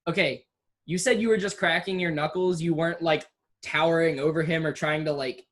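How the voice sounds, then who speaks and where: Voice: mid-range voice, steady tone, a little fast, a bit bright. A game master narrating a tabletop game casually, with laughter, and voicing the townsfolk. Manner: casual, laughing, voices booth keepers.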